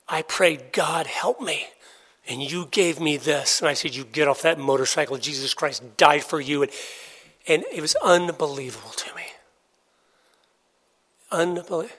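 A middle-aged man preaching a sermon, telling a personal story in an earnest way and swinging between loud, excited stretches and hushed ones. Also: on the high side. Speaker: pastor.

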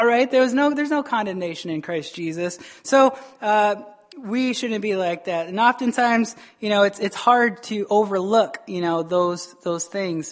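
Male pastor, conversational sermon, talks to the congregation like friends, throws in quick acted lines. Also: sits high, fairly bright tone. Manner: chatty, keeps asking "right?" and acts out quick voices.

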